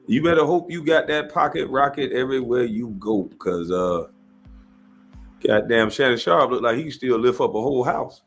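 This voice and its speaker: A husky man delivers a mocking rant, his pitch leaping up and down with lively swings. Faint music plays underneath. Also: moderate pace. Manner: mocking, impersonates others in high put-on voices. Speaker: commentator reacting to a controversy. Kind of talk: animated rant commentary.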